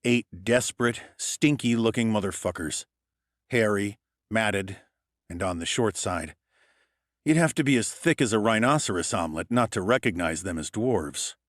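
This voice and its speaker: A man's voice: lowish voice, lively intonation, moderate pace, no room sound, clean studio sound. A man narrating a first-person audiobook with a wry, hardboiled delivery.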